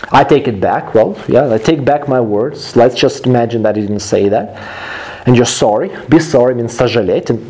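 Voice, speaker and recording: A man's voice: lowish voice, a little mellow. Man explaining English phrases. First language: Russian. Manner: explains phrases in simple words and translates them. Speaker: English teacher. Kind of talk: language lesson.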